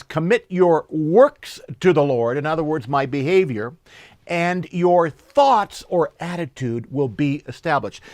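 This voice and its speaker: A man preaching a sermon and reading scripture, telling stories with lively energy and slowing down for emphasis. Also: fairly high pitch, dry recording, studio quality. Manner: animated storyteller, slows for emphasis, laughs while telling. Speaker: pastor.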